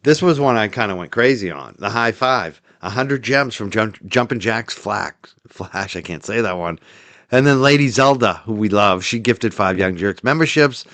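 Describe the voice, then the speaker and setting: This male streamer thanks viewers for super chats in a loose, talkative manner, laughing easily and letting sentences drift off quietly. His voice sits a bit low and is expressive, delivered at a normal speed in a dry recording.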